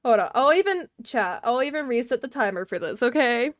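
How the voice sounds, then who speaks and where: A woman streamer rambling casually to her live chat, scattered and quick to laugh. Her voice sits on the higher side and sounds dry and close, with no room around it. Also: big pitch swings, dry recording. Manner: chatty and scattered, laughing often, talking to chat.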